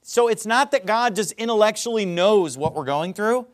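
A man preaching a sermon, animated and emphatic, reading scripture aloud in old-fashioned wording and slowing down on key phrases. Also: high-pitched. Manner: reads scripture aloud in King James wording.

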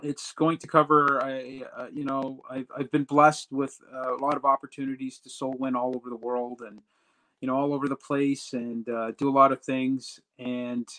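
A man's voice: medium pitch, normal speed. Casting: male pastor, interview guest, rambling anecdotal storyteller, plain mid-range voice. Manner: rambling, animated, many fillers and restarts. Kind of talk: casual storytelling.

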